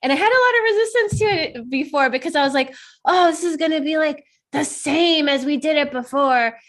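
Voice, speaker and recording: High-voiced chatty woman, laughing often. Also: brisk. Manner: animated, acts out quoted dialogue; laughs often, swears casually. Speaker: podcast co-host. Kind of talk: casual chat.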